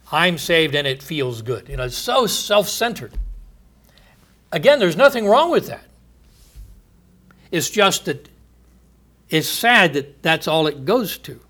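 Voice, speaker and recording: A man preaching a sermon in an earnest teaching manner, posing rhetorical questions and pausing for emphasis. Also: a little high, bright, forceful tone.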